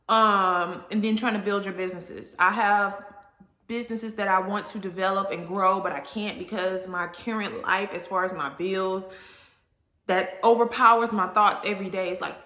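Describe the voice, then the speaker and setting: A woman's voice: mid-range voice, bright, forceful tone. Candid woman vlogging in an echoey room. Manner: candid, emotional, talks straight to viewers. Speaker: vlogger and content creator. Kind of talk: candid casual vlog talk.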